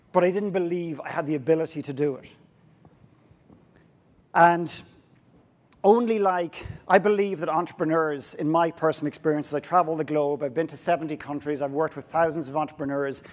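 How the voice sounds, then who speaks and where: An Irish man giving a humorous, story-driven talk from a stage to an audience. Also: fairly high pitch. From Ireland. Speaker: speaker. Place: stage before a live audience.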